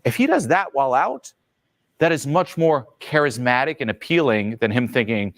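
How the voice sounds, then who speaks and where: A man coaching on social skills, telling stories in a lively, expressive way. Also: normal speed, no room sound. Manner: lively, expressive, swings in pitch. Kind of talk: animated storytelling advice.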